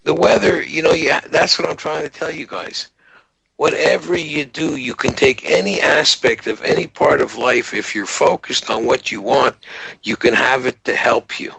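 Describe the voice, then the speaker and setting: Gravelly-voiced older man telling stories. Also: normal speed, no echo, rough recording. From Montreal. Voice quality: gravelly, husky voice. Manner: rambling storyteller, lively pitch. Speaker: podcast guest. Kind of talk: casual call-in chat.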